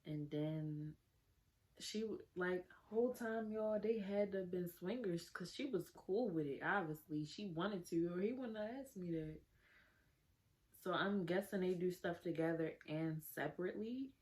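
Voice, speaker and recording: A woman's voice: on the low side, unhurried, a little mellow. A young woman, chatting casually to camera as she tells a personal story and keeps calling her viewers "y'all". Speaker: storytime vlogger.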